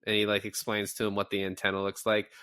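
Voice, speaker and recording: A man co-hosting a podcast, casually reviewing a film and retelling its scenes with animated, profane enthusiasm. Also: lowish voice, fast talker, clean tone, no echo. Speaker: podcast co-host. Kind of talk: casual movie review chat.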